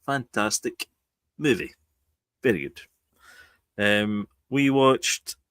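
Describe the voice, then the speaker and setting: A man's voice: lowish voice, expressive, slow, fairly bright tone, clear, resonant tone, no echo. A British man co-hosting a casual chat show, rambling through his opinions and reading out viewer comments. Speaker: show co-host.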